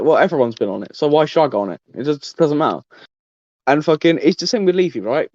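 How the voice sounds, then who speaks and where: A man's voice: fairly high pitch, a little mellow, no echo, lo-fi sound. A man hosting a casual podcast, rambling and swearing with many stumbling restarts. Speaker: podcast host.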